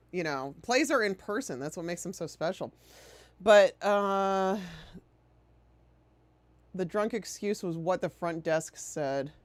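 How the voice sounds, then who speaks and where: A woman's voice: medium pitch, no room sound. A woman streamer chatting casually while playing a game, sarcastic and prone to swearing. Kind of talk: casual chat while gaming.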